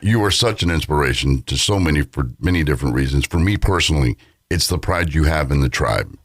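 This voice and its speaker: A man's voice: a bass voice, expressive, a little fast, no echo, studio quality. A man hosting a morning radio show, interviewing a guest in an effusive, complimentary way.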